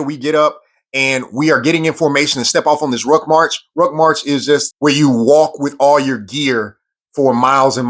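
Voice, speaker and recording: A man's voice: mid-range voice, fairly bright tone. A man, a military veteran, telling a personal story in an earnest, emphatic way, often repeating words for stress.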